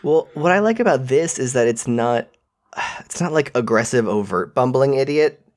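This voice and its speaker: A man's voice: medium pitch, expressive, moderate pace. A man co-hosting a podcast in casual chat, with dry, wry remarks. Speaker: podcast co-host.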